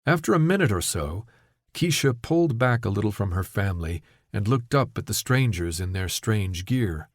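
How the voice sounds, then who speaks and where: A man reading an audiobook novella in steady, measured scripted narration. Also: lowish voice, no echo, clean studio sound.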